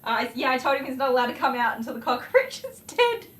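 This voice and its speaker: This middle-aged Australian woman chats on a livestream as she grooms dogs, telling lively anecdotes full of laughter and acted-out voices. Her voice sits high and she talks fast. Recorded indoors in a grooming room, the sound has a roomy echo with a faint electric clipper buzz.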